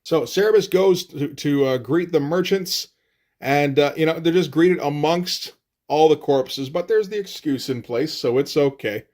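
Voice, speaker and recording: A man's voice: a little high, unhurried, darkish tone. A man reviewing comic books in casual, profane commentary, with frequent "uh"s and "like"s. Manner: casual and profane, often says "uh" and "like".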